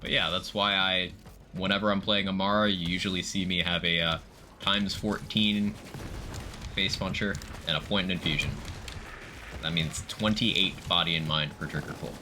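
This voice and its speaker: A man's voice: sits low, steady tone, moderate pace, bright, forceful tone. A man streaming live, casually explaining game mechanics in detail while greeting viewers in chat. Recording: background noise.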